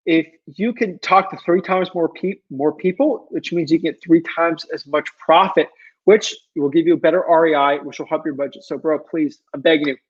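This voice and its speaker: A man's voice: a little high, lo-fi sound. A man hosting a casual livestream Q&A, rambling and pleading, with many ums and restarts. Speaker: livestream Q&A host.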